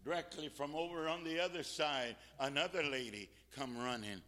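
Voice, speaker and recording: A man preaching a fervent sermon as a visiting preacher, swinging from shouts to quiet talk. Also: on the high side, moderate pace, hardly any pauses, long reverb tail.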